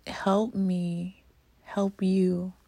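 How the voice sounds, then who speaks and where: A woman from Louisiana hosting a reflective podcast monologue, soft and earnest, often slipping into a whisper. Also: on the low side, level tone, very slow, vocal fry, dry recording. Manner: emotional, earnest. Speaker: podcast host.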